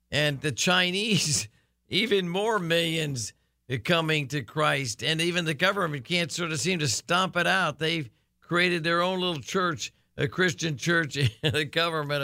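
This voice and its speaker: A male radio host talks through a guest's story in a chatty, enthusiastic way. His voice is bright and gravelly and sits somewhat high, recorded dry and close. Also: no echo. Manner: conversational, enthusiastic asides, laughs. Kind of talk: radio show commentary.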